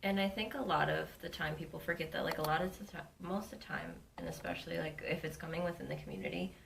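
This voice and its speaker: A woman with a very low, gravelly voice chats casually on a podcast and often finishes her partner's sentences. She sits a little back from the mic. Faint noise runs underneath. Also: quick pace, distant mic. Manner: relaxed, chimes in to finish the other's sentences. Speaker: podcast co-host.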